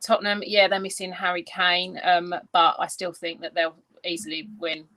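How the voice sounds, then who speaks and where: A woman, co-hosting a casual football chat in a relaxed, giggly way. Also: fairly low pitch, normal speed, poor audio. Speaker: co-host.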